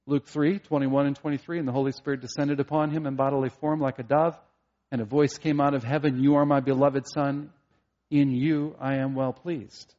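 A man preaching a sermon as a pastor, earnest, at times rising to emphatic preaching and at times dropping quiet. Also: mid-range voice, level tone, normal speed, highs cut off.

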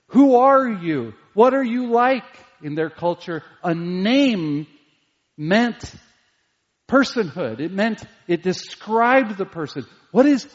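Male pastor, high voice, slow emphatic preaching, long hall reverb. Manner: emphatic, dwells on single words. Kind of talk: sermon. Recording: dull lo-fi recording in a reverberant hall.

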